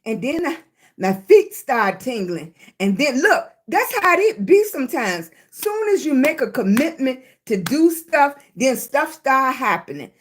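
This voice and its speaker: High-voiced woman live-streaming after illness. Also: big pitch swings, husky. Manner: chatty, greets viewers, drawn-out emphatic talk. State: recovering from illness, congested. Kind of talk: casual live-stream chat.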